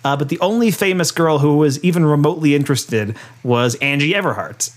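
A man co-hosting a casual podcast, retelling a film's scenes in a relaxed way with lots of fillers and laughter. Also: fairly high pitch, a little fast. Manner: laid-back, many fillers, laughs while retelling scenes. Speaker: podcast co-host. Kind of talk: casual chat recapping a film.

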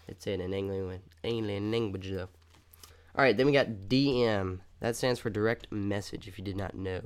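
A man's voice: fairly low pitch, moderate pace, smooth. A young man co-hosting a casual podcast, joking around playfully and laughing often. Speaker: podcast co-host. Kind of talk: casual chat.

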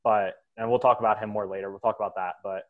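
A man with a lowish voice talks sports in a loose, rambling way. He is blunt and opinionated, and drifts between points with plenty of fillers. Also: fairly even intonation, quick pace, phone-quality sound. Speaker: sports podcast host. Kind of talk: casual sports talk.

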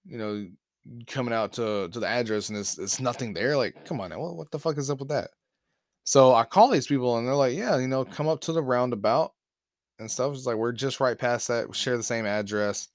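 A man's voice: medium pitch, brisk, no room sound, clean studio sound. Profane man telling a story. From Alabama, US. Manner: profane, animated anecdote-telling with laughs. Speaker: podcast host. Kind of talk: casual storytelling.

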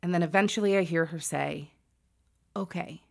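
A woman in her forties from the United States telling a personal story to an audience, loud and self-mocking, with quick asides. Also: lowish voice.

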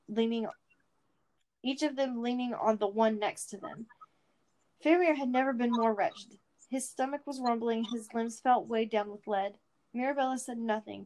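A woman reads a fantasy storybook aloud with expressive, unhurried narration. Her voice sits a little above the usual pitch for a woman. She shapes each scene with care. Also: rough recording.

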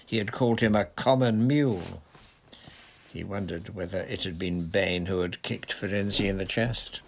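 A man narrating an audiobook in a slow, even manner. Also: deep voice, creaky, a little hiss or hum.

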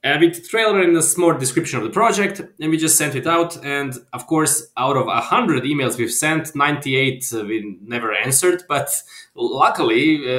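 A man's voice: mid-range voice, fairly bright tone, echoey room. A man from Croatia, a filmmaker guest, talking casually and hesitantly, often restarting and trailing off. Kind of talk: casual interview chat.

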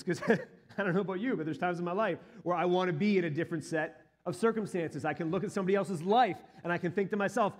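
A man's voice: high voice, fast. A male pastor in his thirties or forties giving a sermon, telling a personal story earnestly and building to emphatic peaks.

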